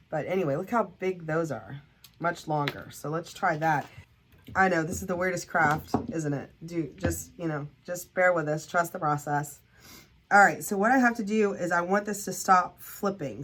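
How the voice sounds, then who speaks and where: A woman narrating a DIY craft project in a casual, chatty, self-deprecating way, thinking aloud as she works and sniffling a little. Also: sits low. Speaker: craft vlogger.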